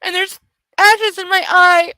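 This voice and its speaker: Sarcastic high-voiced woman streaming her book club, close mic, dry room. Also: fairly even intonation, a little slow, bright, forceful tone, no room sound, low-quality recording. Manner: sarcastic, playful, coos at her dog. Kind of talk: casual live stream chat and reading aloud.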